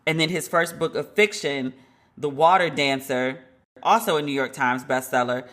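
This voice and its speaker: A woman podcast host giving a casual, animated commentary monologue, laughing and emphatic as she talks. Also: low-pitched, normal speed.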